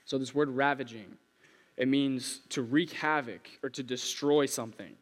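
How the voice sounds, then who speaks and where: A man's voice: medium pitch, moderate pace. A young man giving a casual sermon, a chatty, self-deprecating storyteller who jokes before his Bible teaching. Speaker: youth preacher. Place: church hall. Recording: long hall reverb.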